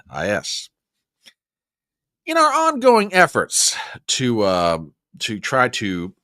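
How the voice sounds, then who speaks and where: A man's voice: mid-range voice, pushed and bright, no room sound, clean studio sound. A man hosting a casual news commentary show, rambling with sarcastic, joking asides. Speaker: host.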